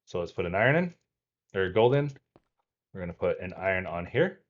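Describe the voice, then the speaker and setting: A man's voice: deep voice, brisk, dull audio. A man casually talking through his video game session as the host, explaining each step aloud as he goes. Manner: relaxed, talks himself through tasks aloud. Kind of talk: casual let's-play commentary.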